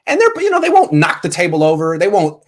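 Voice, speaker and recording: A man hosts a call-in show and rambles into joking stories. His voice sits a bit high for a man. He talks in a loose, casual way. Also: wildly swooping pitch, fast talker. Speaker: podcast host taking calls.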